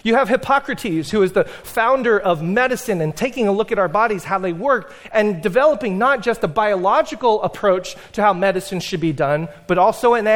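A male pastor preaching a sermon in a conversational, lecturing way, telling history with animated asides. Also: high voice.

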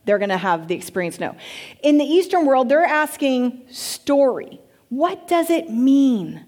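A woman pastor teaching a church congregation in an animated way, asking the room questions. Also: high-pitched, measured pace.

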